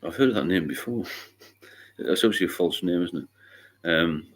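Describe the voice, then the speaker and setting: A middle-aged man from England chats casually on a livestream in a very low voice. He talks bluntly and swears freely. He drifts into long rambling stories. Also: lively intonation, moderate pace. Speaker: livestream host.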